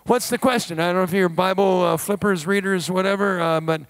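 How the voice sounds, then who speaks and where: A middle-aged man preaching a sermon in church, animated with wry asides and quick laughs. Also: sits high, clear, resonant tone, no room sound. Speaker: guest pastor. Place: church sanctuary.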